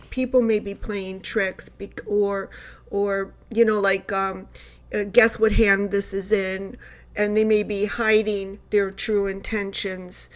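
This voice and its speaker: A woman astrologer gives a casual horoscope talk at a medium pitch. She talks in a loose, chatty way, wandering through her points and circling back to them. Her tone is conversational and unscripted. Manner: chatty and rambling, with many fillers and restarts. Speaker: astrologer, host of a horoscope channel. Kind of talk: casual spoken horoscope monologue.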